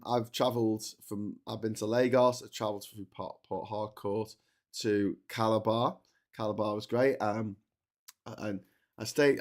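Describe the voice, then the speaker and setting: A man with a lowish, slightly mellow voice hosts a long solo livestream through a streaming setup. He tells travel stories casually and in a rambling way, restarting often as his voice gives out.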